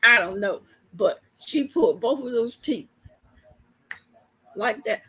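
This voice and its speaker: A woman's voice: a little high, animated, takes it slowly, bright, forceful tone, husky, poor audio. A woman police officer telling a casual story to camera, chatty and laughing often as she goes.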